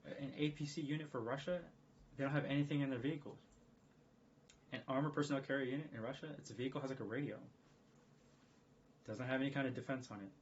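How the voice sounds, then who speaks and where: A man talking casually on a livestream in a rambling, profane, excitable way. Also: mid-range voice, fast talker, long pauses, a little hiss or hum. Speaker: streamer. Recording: dull lo-fi stream audio.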